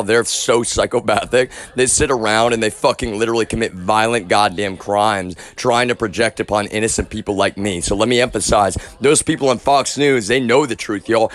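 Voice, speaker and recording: A man's voice: medium pitch, fairly bright tone. A man streaming live, ranting angrily in a profane way and saying "y'all" often. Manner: angry, profane, repeats "y'all". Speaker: livestreamer.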